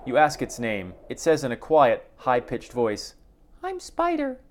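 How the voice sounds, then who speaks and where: A man's voice: mid-range voice, measured pace. A man reading a role-playing game's text aloud as a streamer, dropping wry asides. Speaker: game streamer. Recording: steady background noise.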